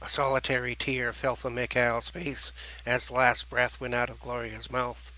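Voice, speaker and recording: A man narrating an audiobook in a measured, dramatic reading style. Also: mid-range voice, level tone, bright, forceful tone, low-quality recording.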